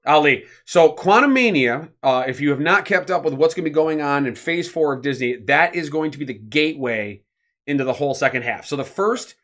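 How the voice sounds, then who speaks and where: A man co-hosting a casual podcast, explaining at length in an animated, rambling way with many fillers. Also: a little high, fairly quick. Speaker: podcast co-host.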